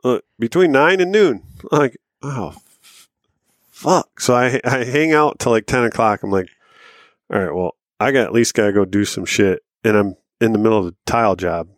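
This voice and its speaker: Casual storytelling man, low dry voice. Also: a little fast, dry recording. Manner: rambling, profane, laughs through the story. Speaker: podcast co-host.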